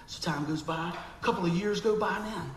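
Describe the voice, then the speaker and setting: A man's voice: high-pitched, normal speed, a bit bright, roomy sound, slight background noise, low-quality recording. A man preaching a sermon, telling a story animatedly and acting out the voices of people in it.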